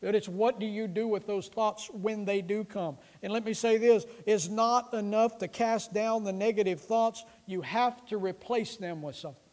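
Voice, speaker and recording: A man's voice: high-pitched, normal speed, few pauses, darkish tone. A middle-aged male pastor preaching a sermon, emphatic, repeating phrases and reciting scripture in a raised voice.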